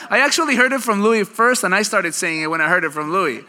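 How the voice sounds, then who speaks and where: A male pastor delivers a sermon in a loose, conversational manner, drawing his congregation into quick exchanges. His voice sits a little high and rings bright and forceful. The sound carries a long reverb from a large church hall. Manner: conversational, animated preaching with audience back-and-forth.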